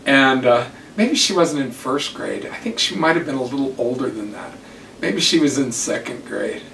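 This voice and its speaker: Slow older man giving a devotional talk. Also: mid-range voice, a bit bright, a little hiss or hum. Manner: slow, deliberate storytelling. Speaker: church teacher. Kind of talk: devotional talk with personal stories. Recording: roomy, distant mic, faint ambience.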